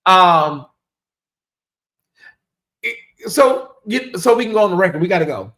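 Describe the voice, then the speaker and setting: Guy running a chatty livestream, kinda high voice, drags his questions out slow for effect. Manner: animated, drawls questions slowly for effect. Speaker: livestream host. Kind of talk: casual livestream chat reading viewer comments.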